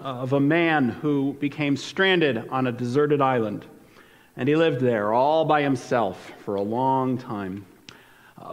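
Man preaching in an echoey church. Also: mid-range voice. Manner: conversational preaching with frequent fillers and restarts. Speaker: pastor. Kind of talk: sermon. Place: church sanctuary. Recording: long church hall reverb.

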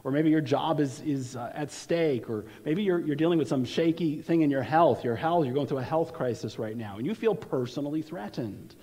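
A man's voice: fairly high pitch, expressive, moderate pace, few pauses, mellow. A man preaching a sermon as pastor, talking conversationally and often repeating words as he starts a phrase. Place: church sanctuary. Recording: long reverb from a large hall.

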